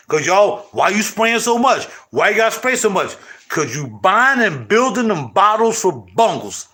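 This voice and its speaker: A middle-aged man hosting his channel, chatting casually to viewers in loud, animated, slangy street talk. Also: high voice. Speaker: channel host.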